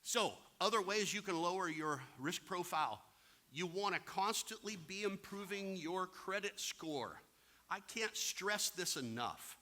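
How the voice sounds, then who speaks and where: A man's voice: high-pitched, lively intonation, a little slow, sharp tone. A plain-spoken man giving a real estate investing seminar, talking directly to the audience and acting out anecdotes. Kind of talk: seminar talk with acted-out anecdotes.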